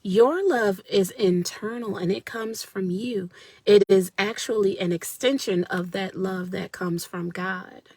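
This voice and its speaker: A woman's voice: mid-range voice, a little slow, a little mellow, slightly rough, dry recording. A woman giving an earnest, spiritual motivational talk on a live video and speaking straight to her viewers. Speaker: wellness speaker.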